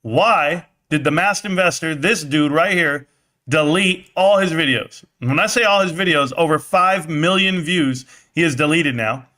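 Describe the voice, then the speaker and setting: A man's voice: on the high side, moderate pace, bright, forceful tone. A man in a YouTube commentary clip, delivering an accusatory, mocking rant.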